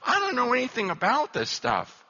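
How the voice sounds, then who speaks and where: A man giving an animated storytelling sermon at a conference, acting out the voices he quotes. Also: extremely high pitch, fairly quick, vocal fry, in a large hall, dull audio. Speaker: conference speaker.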